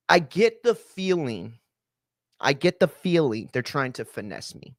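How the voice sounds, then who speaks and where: A man's voice: on the high side, big pitch swings, measured pace, fairly bright tone, dry recording, studio quality. A man hosting a podcast, ranting casually with lots of swearing and fillers. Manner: profane, ranting, many fillers. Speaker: podcast host. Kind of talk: casual chat.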